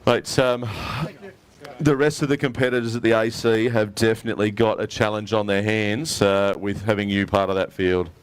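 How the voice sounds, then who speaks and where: A man's voice: on the low side, steady tone, normal speed, clean tone. An Australian man emceeing a live prize presentation at an outdoor weigh-in, upbeat and matey as he calls up each winner. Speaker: tournament emcee.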